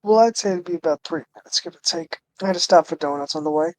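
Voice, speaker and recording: A woman's voice: lowish voice, fast talker, darkish tone, lightly acted. A woman reading the lines of a hapless male police detective in a game, goofy and crude with cursing. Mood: eager.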